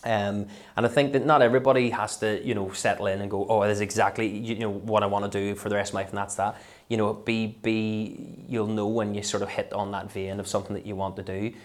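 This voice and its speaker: A Northern Irish comedian in a casual podcast interview, rambling and self-deprecating, full of fillers and restarts. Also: male voice, on the low side, little pitch movement, fast talker. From Northern Ireland. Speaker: comedian guest.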